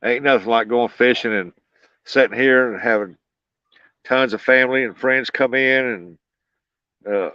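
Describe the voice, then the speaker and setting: A man's voice: mid-range voice, normal speed, long pauses, clear, resonant tone, no room sound. A man, chatting casually with livestream viewers while fishing outdoors by a flooded river levee, folksy and laid-back with frequent chuckles. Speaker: livestream host. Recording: dull lo-fi, dry.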